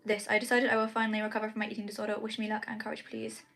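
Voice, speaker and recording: A woman's voice: medium pitch, monotone, very fast, a bit bright, rough recording. A British woman chatting casually on a live stream, reading out viewer comments and answering them in a chatty, apologetic way. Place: home, at night.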